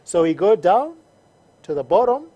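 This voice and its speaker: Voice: mid-range voice, very animated, moderate pace, mellow, slightly rough, dull audio. An accounting teacher giving a recorded lesson, patiently repeating each step and checking in with the learners. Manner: patient, repeats steps and checks in with "all right?".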